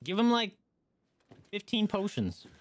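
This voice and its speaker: A young man streaming a game at home on a desk mic, excitably commenting and cheering on his companion. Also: sits high, unhurried. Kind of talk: live gameplay commentary.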